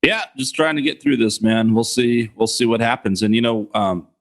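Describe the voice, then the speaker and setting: A man hosting a podcast, chatting with a guest in a relaxed, easygoing way. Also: mid-range voice, normal speed. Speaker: podcast host. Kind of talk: casual interview chat.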